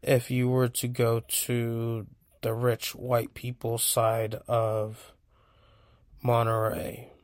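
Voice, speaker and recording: A man's voice: mid-range voice, dry recording. A young man from California rambling bluntly through a casual monologue, cursing freely as he tells stories. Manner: blunt, profane, storytelling. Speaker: podcast host.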